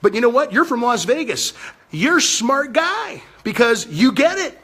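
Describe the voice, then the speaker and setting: A man in his fifties from the United States hosts a political livestream, preaching in a fiery, combative way. His voice is very high, bright and pushed, with big pitch swings, at a moderate pace.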